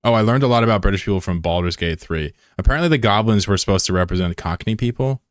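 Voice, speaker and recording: Man, crude jokey streamer, low voice, dry close sound. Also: fast, clear, resonant tone, dry recording. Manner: crude, joking banter. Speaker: streamer reacting to a video. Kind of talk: casual reaction commentary.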